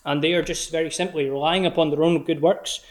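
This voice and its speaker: A man's voice: a little high, fairly even intonation. Earnest man preaching a sermon. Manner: earnest, measured, slows on scripture quotes.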